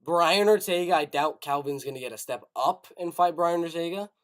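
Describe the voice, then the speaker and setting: A man's voice: fairly high pitch, normal speed. A young man hosting a live stream, thinking aloud and often repeating himself as he stammers through ideas. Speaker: host.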